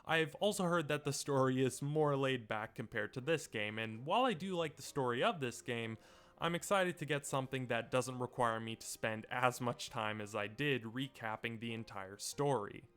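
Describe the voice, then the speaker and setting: A young man hosting his own video essay, reading a scripted voice-over in an earnest, measured, explanatory way into a home mic setup. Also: mid-range voice, animated, a bit bright, smooth.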